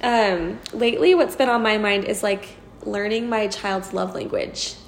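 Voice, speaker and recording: A woman's voice: medium pitch, measured pace, creaky, reverberant, slight background noise. A young woman co-hosting a podcast, chatting casually about motherhood with lots of "like" and small laughs. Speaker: podcast co-host, mom. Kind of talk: casual chat.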